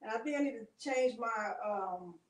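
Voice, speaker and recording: A woman's voice: fairly high pitch, moderate pace. A woman hosting a live crafting demonstration from her home craft space, chatty, laughing often and talking straight to her viewers. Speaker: craft livestream host.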